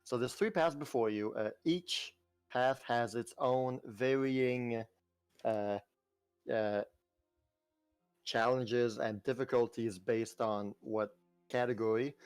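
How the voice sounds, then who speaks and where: A man running a tabletop role-playing game as game master, explaining rules with many pauses and fillers. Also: mid-range voice, clean tone, dry recording, faint music behind.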